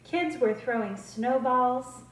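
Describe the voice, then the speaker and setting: A woman speech therapist reading picture books aloud to children, slow, clear and expressive. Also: high voice. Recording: roomy echo.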